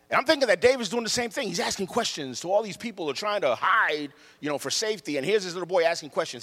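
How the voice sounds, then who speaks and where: Man preaching, lively storytelling, a bit high-pitched, long hall echo. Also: fast talker, few pauses. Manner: animated storytelling, repeats phrases. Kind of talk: sermon.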